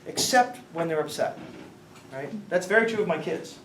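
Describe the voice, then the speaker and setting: A man's voice: sits high, animated, moderate pace. A middle-aged man giving an informal lecture to students, telling rambling stories and quizzing the audience. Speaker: guest speaker, company founder. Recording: roomy, distant mic, faint noise.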